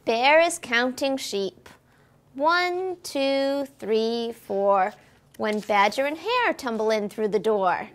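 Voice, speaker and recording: A woman, a children's librarian, reading a picture book aloud at a library storytime in an expressive, sing-song way, asking the children questions. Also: a little high, slow.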